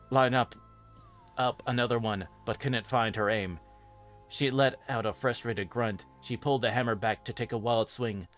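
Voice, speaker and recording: A man, the host, reading a fan fiction horror story aloud in a steady, even narration. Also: mid-range voice.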